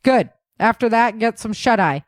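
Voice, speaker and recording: A woman's voice: fairly high pitch, expressive, moderate pace, no room sound, voice pushed up, close to an everyday voice. A woman voicing a male army major who hands out orders with dry humor. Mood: commanding.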